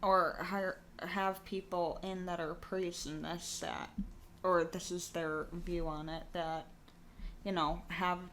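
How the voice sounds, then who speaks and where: A woman's voice: on the low side, flat delivery, takes it slowly, a bit bright, a little hiss or hum. A woman co-hosting a casual podcast, talking in rambling, restarting sentences full of fillers. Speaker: podcast co-host. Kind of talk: casual chat.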